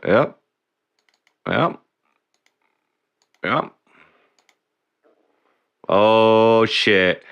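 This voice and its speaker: Deep slow-talking streamer guy. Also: gravelly, smooth, lo-fi sound. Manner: swearing, grumbling over tech trouble. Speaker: livestream host. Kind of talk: casual livestream chat.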